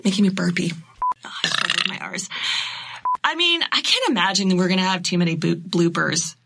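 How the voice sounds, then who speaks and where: A woman's voice: lowish voice, lively intonation, fairly quick, vocal fry. A woman co-hosting a podcast in loose, giggly casual chat. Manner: giggly, loose, burps and laughs between lines. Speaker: podcast co-host. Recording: noisy home podcast recording.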